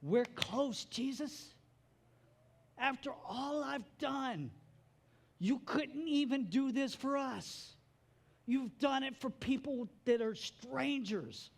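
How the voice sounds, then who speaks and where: A man's voice: very high voice, vocal fry, pitched above the performer's own voice, exaggerated voice. A man voicing a hurt, indignant grieving woman who fires off one accusing complaint after another. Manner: exasperated, accusing rapid complaints.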